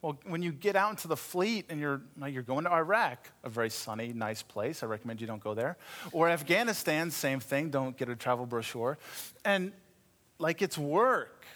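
A middle-aged man preaching with animated storytelling and a dry, self-deprecating humor. His voice sits a little higher than most men's, and it climbs even higher when he acts out the people in his stories. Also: moderate pace. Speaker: pastor. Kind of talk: sermon.

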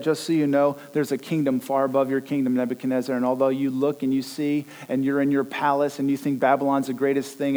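A middle-aged man preaching a sermon, telling stories with lively, animated delivery and acting out bits of dialogue. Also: medium pitch. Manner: animated storytelling, acts out dialogue. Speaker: pastor.

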